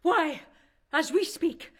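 A woman's voice: very high voice, expressive, slow, fairly bright tone, heavily acted. An actress playing a haughty, pompous older mother who speaks of herself as "one", in rhymed stage verse. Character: haughty pompous old mother, stubbornly devout. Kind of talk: stage play in rhyming verse.

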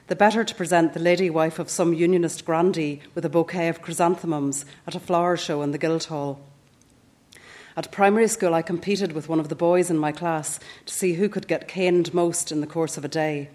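A Northern Irish woman in her fifties reading her own reflective first-person essay in a measured way. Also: low-pitched, a little mellow. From Northern Ireland. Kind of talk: scripted first-person narration.

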